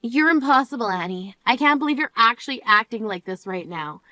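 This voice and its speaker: A woman's voice: a little high, animated, a little fast, sharp tone, dry recording. A woman voicing a grieving older sister who scolds in an exasperated, reproachful way in a dramatized story. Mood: furious.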